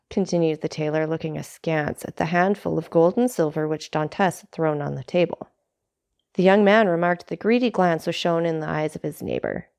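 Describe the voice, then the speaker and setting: A woman narrating a classic novel aloud in a measured, steady way. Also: deep voice, vocal fry. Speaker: audiobook narrator.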